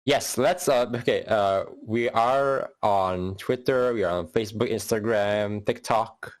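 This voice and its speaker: A man's voice: fairly low pitch, unhurried. A man co-hosting a podcast in casual chat, rambling and repeating his words. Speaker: podcast co-host.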